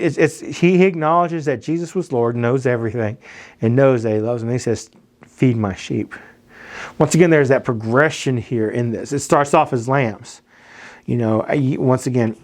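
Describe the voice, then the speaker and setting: A man with a Southern American accent, a youth pastor teaching a Bible passage in a casual, conversational way, often restarting and repeating words. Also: medium pitch.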